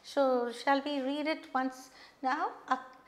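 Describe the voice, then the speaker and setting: A woman teaching a patient, slow lesson, explaining intonation. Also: sits high, fairly even intonation. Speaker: English teacher. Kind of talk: slow classroom lesson reading dialogue aloud.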